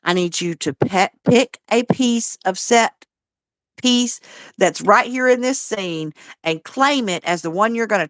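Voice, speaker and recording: A woman's voice: on the low side, no room sound, clean studio sound. A woman hosting a casual livestream, talking in a chatty, folksy way and greeting viewers by name. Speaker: livestream host.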